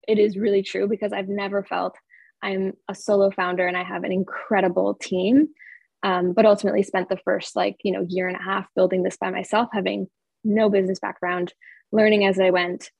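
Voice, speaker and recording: Husky gravelly woman, earnest and rambling. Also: mid-range voice, flat delivery, fairly quick, darkish tone, no room sound. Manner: earnest, rambling, many fillers. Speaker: guest, founder. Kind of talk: casual interview chat.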